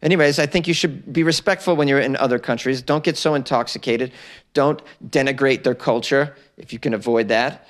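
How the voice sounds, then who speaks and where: A man's voice: medium pitch, fairly quick. An American man hosting a comedy news podcast, reading odd stories with sarcastic asides and laughing at his own jokes. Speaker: podcast host. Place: small closet.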